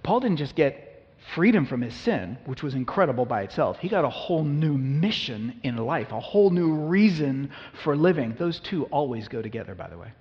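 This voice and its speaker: A man's voice: a little high, very animated, moderate pace. A male pastor preaching a conversational sermon, acting out biblical dialogue with humor. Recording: reverberant hall, dull lo-fi sound.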